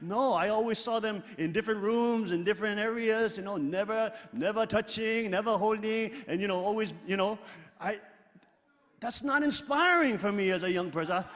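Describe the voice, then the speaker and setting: Emphatic pastor man, high, in a hall. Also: moderate pace. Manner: emphatic, swings between loud exclaiming and quiet asides; leads the congregation in reading scripture aloud. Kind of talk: sermon. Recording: long hall reverb.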